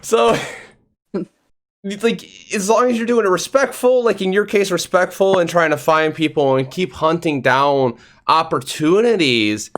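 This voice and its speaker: A man hosting a live interview podcast, chatting casually and acting out stories with quoted voices. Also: normal speed. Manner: animated storytelling, acts out quotes in a higher voice. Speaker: podcast host.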